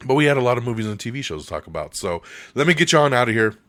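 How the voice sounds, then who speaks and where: A man's voice: medium pitch, sing-song, very fast, fairly bright tone, no room sound. A man hosting a casual entertainment news podcast in a chatty, upbeat way, his voice getting scratchy. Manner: chatty, upbeat sign-off, many fillers. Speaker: podcast host.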